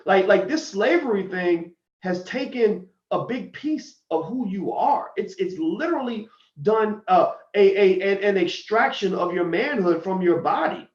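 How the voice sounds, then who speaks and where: Emphatic male streamer, animated high voice, roomy lo-fi sound. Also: normal speed. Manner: emphatic, preachy, swings from loud outbursts to low asides. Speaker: commentator on a live stream. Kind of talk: fiery monologue to viewers. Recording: roomy, dull lo-fi stream audio.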